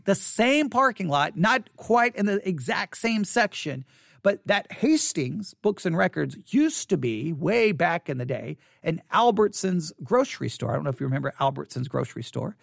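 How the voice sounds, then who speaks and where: A man's voice: sits high, big pitch swings, moderate pace, vocal fry, a bit bright, dry recording, studio quality. A middle-aged man preaching a sermon, telling a personal story candidly and repeating himself for emphasis.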